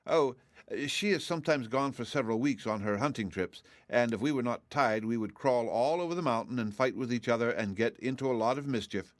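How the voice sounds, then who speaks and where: A man's voice: mid-range voice, brisk, no room sound, pitched above the performer's own voice, close to an everyday voice. A man voicing a proud, polite young dragon with a drawling, haughty manner. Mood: matter-of-fact.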